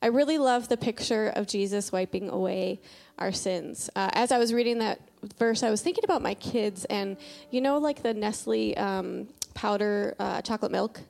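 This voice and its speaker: A woman's voice: mid-range voice, normal speed, creaky, a little mellow. A woman preaching and leading prayer in a conversational sermon, chatty and full of filler words, telling homely stories.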